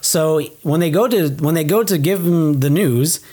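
This podcast co-host has a fairly high-pitched male voice at a normal speed. He casually recaps a TV episode, animatedly retelling it and acting out the characters' lines.

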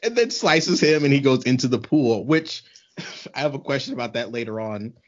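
A man co-hosting a casual podcast chat, animated and exasperated, laughing often. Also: mid-range voice, normal speed. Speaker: podcast co-host. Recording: muffled lo-fi.

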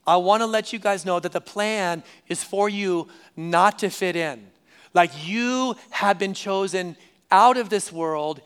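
A male pastor delivers a sermon in a high, smooth voice. He talks in a relaxed, conversational way and repeats key lines for emphasis. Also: a little slow. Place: church service.

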